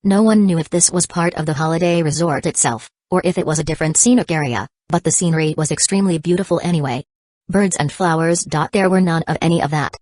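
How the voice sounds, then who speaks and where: A woman narrating an audiobook in a steady, even storytelling manner. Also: low-pitched, quick pace, no room sound. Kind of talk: scripted narration.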